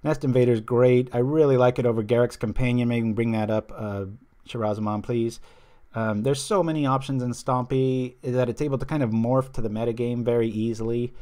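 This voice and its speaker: A man's voice: medium pitch, steady tone, fairly quick, warm tone. A man hosting a stream, chatting casually and rambling as he plays a card game and reads viewer comments aloud. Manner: chatty, rambling, loses his train of thought. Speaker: stream host.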